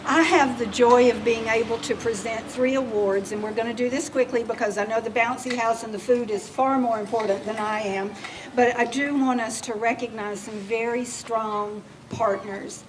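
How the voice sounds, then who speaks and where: A woman's voice: on the high side, steady tone, normal speed. A woman, speaking as an agency official at a public reception. She talks in a heartfelt, emotional way while presenting awards. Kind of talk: public speech at an event. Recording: distant mic with faint background noise.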